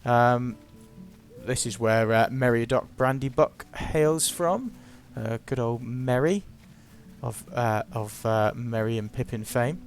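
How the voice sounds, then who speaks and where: Man, gravelly voice, chatty game travelogue commentary with a playful, self-deprecating streak. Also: medium pitch, slow pace, faint music behind. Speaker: gameplay narrator. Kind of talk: casual gameplay commentary.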